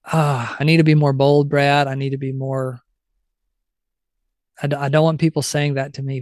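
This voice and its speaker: A man's voice: mid-range voice, flat delivery, moderate pace, long pauses, darkish tone, no room sound, studio quality. A man telling a missionary story in an earnest, heartfelt way, acting out quoted lines. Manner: earnest, heartfelt, retells stories with voiced quotes. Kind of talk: conversational storytelling.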